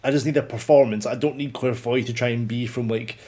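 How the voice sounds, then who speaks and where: A man's voice: medium pitch, fairly even intonation, fast, darkish tone. A man chatting casually about a film, rambling with many restarts and swearing freely. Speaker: film podcast co-host. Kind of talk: casual chat.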